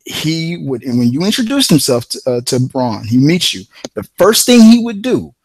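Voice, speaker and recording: A man's voice: fairly high pitch, sing-song, normal speed, slightly rough, no room sound. A man co-hosting a casual podcast chat, telling a long rambling story with frequent restarts. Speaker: podcast co-host.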